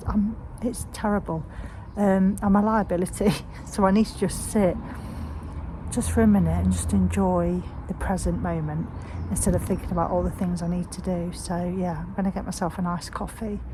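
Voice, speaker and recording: A woman vlogging outdoors in her courtyard garden, talking in a rambling, chatty way with lots of "um" and "sort of". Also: medium pitch. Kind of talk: casual chatty vlog. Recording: outdoor recording with clear traffic noise. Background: passing road traffic.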